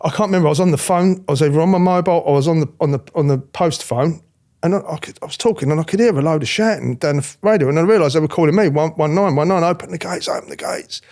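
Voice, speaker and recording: A man's voice: a little high, rapid-fire. A middle-aged man, a former royal protection officer, telling blunt stories in an interview, swearing and mimicking the people he talks about. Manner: blunt, animated, swears freely, mimics others. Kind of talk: candid storytelling interview.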